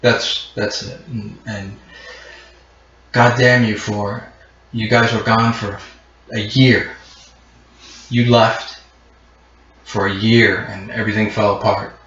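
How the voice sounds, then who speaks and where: A man voicing a weary male rebel leader who speaks earnestly and a little haltingly, in an echoey, muffled recording. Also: lowish voice, flat delivery, a bit bright.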